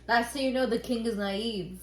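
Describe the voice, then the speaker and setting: Give me a woman in casual chat with a fairly high voice. She chimes in with quick, offhand remarks, and her voice rings in a roomy echo. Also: steady tone.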